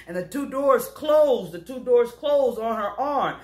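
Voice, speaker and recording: A woman bus driver telling a comic story to viewers in an animated, chatty way, calling them y'all. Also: a little high, unhurried. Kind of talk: comedic storytelling to camera. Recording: roomy echo.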